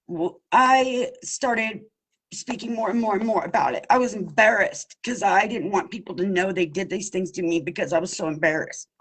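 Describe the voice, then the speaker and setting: A woman's voice: medium pitch, normal speed, husky, rough recording. A woman giving impassioned personal testimony as an abuse survivor, emphatic and pleading, calling her listeners y'all. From Pennsylvania.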